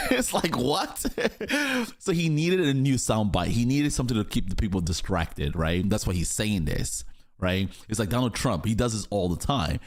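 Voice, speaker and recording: A man hosting a reaction video, talking casually in an animated, rambling way with chuckling asides. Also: fairly low pitch, normal speed.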